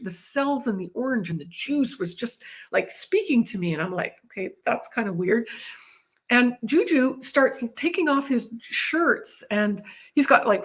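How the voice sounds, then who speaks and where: A woman guest in an interview, telling a personal story in a vivid, animated way and laughing now and then. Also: mid-range voice.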